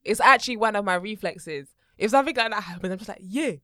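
A young woman co-hosting a couple's vlog in casual chat, animated and playful with frequent giggles. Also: mid-range voice, fast talker, dry recording, clean studio sound.

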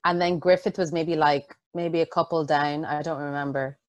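A young woman in her twenties co-hosting a podcast, talking softly and hesitantly, with frequent giggles. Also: low voice, steady tone, normal speed. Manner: soft-spoken, hesitant, giggly. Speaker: podcast co-host. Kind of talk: casual chat. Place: home studio.

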